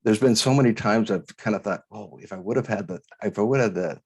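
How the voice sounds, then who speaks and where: A man from Idaho, a guest author on an interview, telling a personal story in an earnest, halting way, full of restarts and quoted voices. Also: fairly low pitch, darkish tone, breathy edge.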